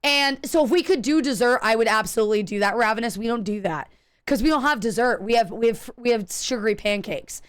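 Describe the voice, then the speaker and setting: Woman streamer ranting through a story, swears a lot, high smooth voice. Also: fairly quick. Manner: profane, animated storytelling; acts out quoted people in her stories. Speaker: streamer telling stories. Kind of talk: casual chat while gaming.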